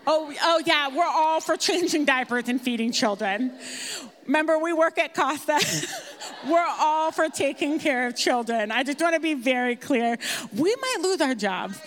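A speaker at a grief workshop presents with slides, her high, fairly bright voice expressive and measured. She's candid and chatty, poking fun at herself, and the room carries hall reverb.

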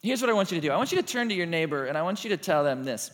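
A man's voice: fairly high pitch, lively intonation, fast talker, long pauses, a bit bright, big-room sound, slight background noise. A man preaching a sermon to a congregation, joking and acting out little dialogues. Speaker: pastor.

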